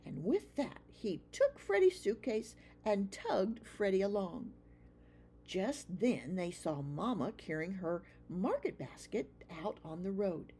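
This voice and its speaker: Breathy lady reading a kids' storybook, slow, voice goes up and down a lot. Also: medium pitch. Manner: expressive, slow read-aloud.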